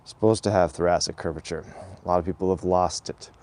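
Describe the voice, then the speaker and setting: A man in his forties leading a guided stretching class, calmly cueing each movement step by step. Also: sits low, quick pace, a little hiss or hum. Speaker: movement instructor.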